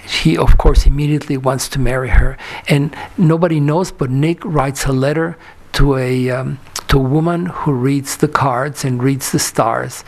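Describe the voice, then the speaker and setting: Gravelly man telling stories in a lecture. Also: medium pitch, steady tone, measured pace. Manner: storytelling, many fillers, quotes characters in dialogue. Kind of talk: conference lecture on a photographer. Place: lecture hall.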